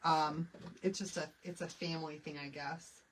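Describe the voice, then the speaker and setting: A woman's voice: sits low, fairly even intonation, normal speed. Chatty woman with a Michigan accent. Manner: chatty, thinks aloud, laughs often. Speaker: craft vlogger. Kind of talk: casual chat while crafting. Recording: distant mic with faint background noise.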